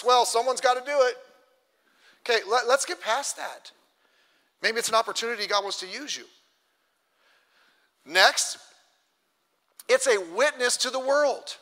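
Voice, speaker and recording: A man preaching a sermon as pastor, telling a story with animated energy and building to exhortation before his congregation. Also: very high voice, in a large hall.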